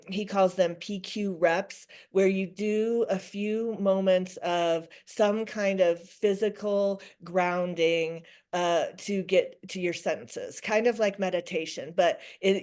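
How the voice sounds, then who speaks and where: Smooth-voiced middle-aged woman, reflective. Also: lowish voice, a little mellow. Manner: reflective, many restarts and quoted self-talk. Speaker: podcast guest, entrepreneur. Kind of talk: conversational interview.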